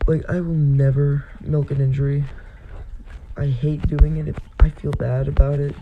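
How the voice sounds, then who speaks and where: A man's voice: on the high side, little pitch movement, normal speed, narrow, tinny audio, noisy background. A young man casually telling a personal story on his vlog, rambling and full of fillers. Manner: rambling, filler-heavy retelling. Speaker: vlogger.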